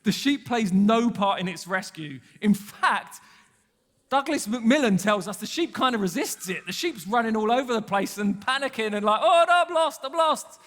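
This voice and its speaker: A man's voice: high voice, animated, normal speed, a bit bright. A man preaching a sermon, telling stories and asking the congregation questions. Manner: conversational storytelling, asks the congregation questions. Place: church hall. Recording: long church hall reverb.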